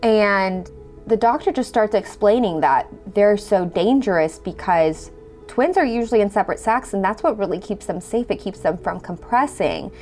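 A woman's voice: medium pitch, lively intonation, moderate pace, darkish tone, soft background music. A woman telling her own story in a conversational way, acting out the dialogue she quotes. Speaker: storyteller guest. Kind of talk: personal storytelling.

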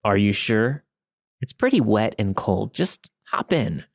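A man voicing a clean-cut stranger who sounds smooth and eerily insistent, with a dry, close sound. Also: fairly low pitch, sing-song, a little slow, dry recording, full character voice. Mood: creepily friendly. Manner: smooth, then demanding and forceful.

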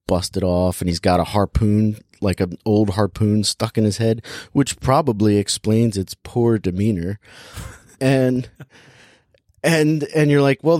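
A man with a lowish voice chats loosely about a movie he watched, tripping over restarts and leaning on "like" again and again. The sound is close and dry, with no room around him. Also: darkish tone, no echo. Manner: rambling, heavy use of "like", self-interrupting. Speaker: podcast movie reviewer. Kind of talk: casual chat.

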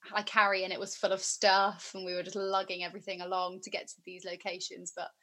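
Brief: young woman, bright tone, rambling chatty guest. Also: lowish voice, completely flat delivery, fast talker. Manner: chatty, rambling, many fillers. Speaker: guest musician and actor. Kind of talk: casual interview chat.

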